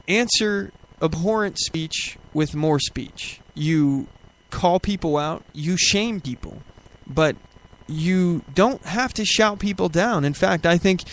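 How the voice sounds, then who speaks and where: A man's voice: high voice, fairly bright tone. A man hosting a political talk show, giving argumentative commentary with rhetorical questions and frequent restarts. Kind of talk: opinionated commentary.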